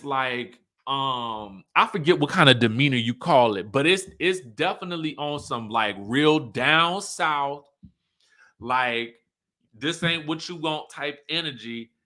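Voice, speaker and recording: A man hosting a casual recap of a reality TV episode, chatty and animated, full of rhetorical questions. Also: medium pitch.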